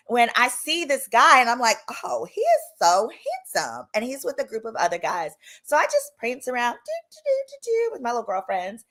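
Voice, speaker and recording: A woman's voice: medium pitch, sharp tone. A woman with a Southern US accent, an attorney hosting a livestream, chatting casually and telling a story with quoted voices, bothered by a cough. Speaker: attorney and channel host.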